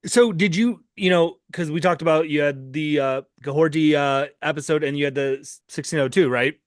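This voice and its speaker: Give me a man interviewing a guest in a friendly, halting way, on a dry, close recording. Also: a little high, no room sound. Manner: friendly, hesitant questions with fillers. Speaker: comic show host, interviewer. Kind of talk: casual interview chat.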